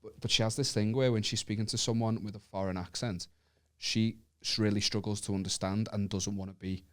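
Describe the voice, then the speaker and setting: Joking, sweary Northern English co-host. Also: male voice, on the low side, steady tone, brisk. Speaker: podcast co-host. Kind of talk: casual chat, storytelling.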